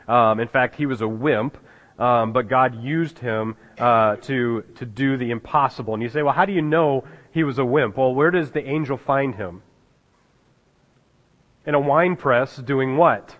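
A man preaching a conversational sermon as a pastor, pausing often with fillers and restarts, and chuckling at the scripture he reads. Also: medium pitch. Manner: halting, many fillers and restarts, chuckles at the text. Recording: dull sound in a reverberant hall.

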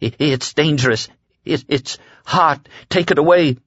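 A man voicing a frightened grown man with a croaking voice. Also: on the high side, a little slow, fairly bright tone, dry recording, muffled recording, pitched above the performer's own voice.

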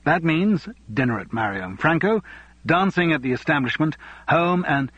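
A man's voice: on the high side, lively intonation, normal speed, a bit bright, slightly rough, dry recording, lo-fi sound, pitched above the performer's own voice. A man voicing an eager, upbeat young husband in an audiobook.

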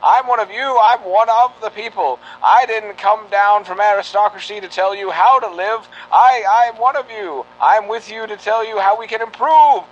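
A man's voice: high-pitched, moderate pace, hardly any pauses. A man putting on a self-righteous old-time radio announcer voice, giving grandiose, indignant speeches with frequent stammered restarts. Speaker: podcast host. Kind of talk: 1940s radio announcer parody. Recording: dull lo-fi podcast audio.

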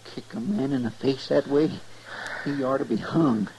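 Guy doing a folksy sidekick in an old radio western, worried, talks kinda country, mid pitch. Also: normal speed, a little mellow, a little hiss or hum, lightly acted, rough recording. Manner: folksy, ungrammatical, worried chatter. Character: folksy, simple-hearted male deputy sidekick. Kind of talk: 1950s radio drama acting.

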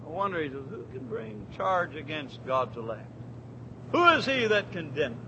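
A man preaching a sermon in a church, fervent, swinging from quiet, drawn-out words to shouted declarations. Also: fairly high pitch, very animated, creaky, background noise.

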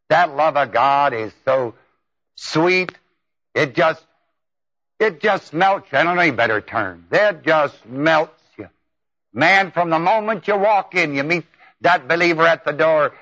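A man's voice: on the high side, normal speed, sharp tone. A man preaching a sermon in a folksy, emphatic way, with exclamations. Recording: dull lo-fi tape.

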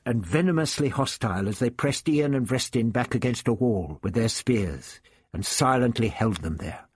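A man reading an adventure story aloud as narrator, steady and measured. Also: medium pitch, slightly rough, no echo. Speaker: audiobook narrator. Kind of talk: scripted narration.

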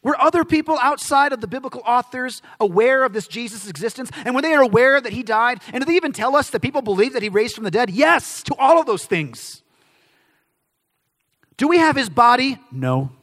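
Animated pastor preaching in a reverberant hall. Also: male voice, very high-pitched, a little fast. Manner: animated, acts out quoted voices, emphatic questions and answers. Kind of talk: sermon.

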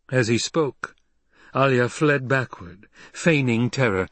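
A man narrating an audiobook in a steady, even storytelling manner. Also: medium pitch, takes it slowly, no echo. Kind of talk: scripted narration.

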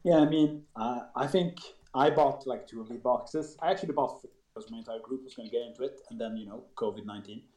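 A man's voice: mid-range voice, fast, few pauses, mellow. Dry-joking man in an echoey room. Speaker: podcast co-host. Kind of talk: casual chat among hobby gamers.

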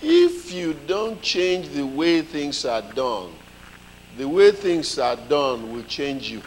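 A man preaching a sermon, telling a story with lively comic voices. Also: on the high side, slow, big-room sound, slight background noise, rough recording.

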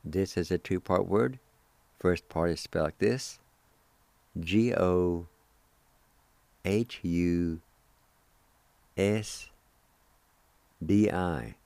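Slow, deep-voiced male language teacher. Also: gravelly, darkish tone, no room sound. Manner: slow and careful, breaks words into syllables; patient, encouraging to listeners. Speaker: radio host teaching language vocabulary. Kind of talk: language lesson, spelling and pronouncing words.

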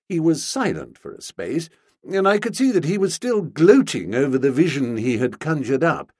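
Husky, animated male audiobook narrator. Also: on the high side, normal speed, dry recording, studio quality. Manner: wry, animated, comic. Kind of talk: scripted comic narration.

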